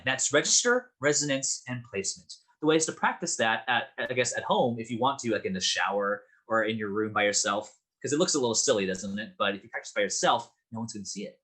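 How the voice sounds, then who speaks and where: A man's voice: mid-range voice, sharp tone, slightly rough. A man teaching an online acting class, explaining and demonstrating voices in a friendly way. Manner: friendly, demonstrative, with vocal sounds and asides.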